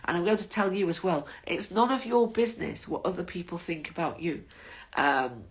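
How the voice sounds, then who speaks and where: A woman's voice: lowish voice, expressive, moderate pace. An older woman, chatting casually to her viewers in a rambling, waffling monologue as the host of her own vlog.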